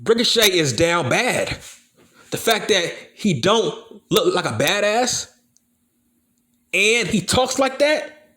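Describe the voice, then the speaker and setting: His voice sits high and sounds pushed and bright, sing-song in rhythm, moving slowly with frequent pauses. The wrestling YouTuber swears his way through an angry rant to camera, restating his arguments for emphasis.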